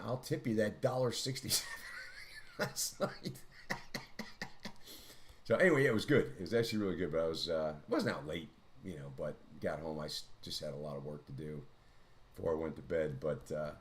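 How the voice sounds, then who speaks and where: A man with a somewhat low voice hosts a live trading stream. He walks through his charts in casual, rambling commentary and mocks himself now and then in chatty asides.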